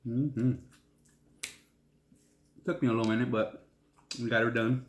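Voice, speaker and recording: A man talks slowly and easily in a casual eating video, often with his mouth full and sprinkling in Spanish exclamations. His voice sits in a middle range, and it bounces around a roomy, echoey space. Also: medium pitch, slight background noise. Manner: slow and relaxed, mixing in Spanish exclamations. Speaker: food vlogger. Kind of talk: casual mukbang chat while eating. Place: at home. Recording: roomy echo.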